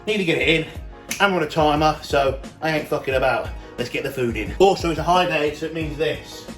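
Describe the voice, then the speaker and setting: A man's voice: on the high side, brisk, a bit bright, soft background music. A young British man, a fitness coach, chatting casually and energetically through a day-in-the-life vlog, swearing freely as he goes.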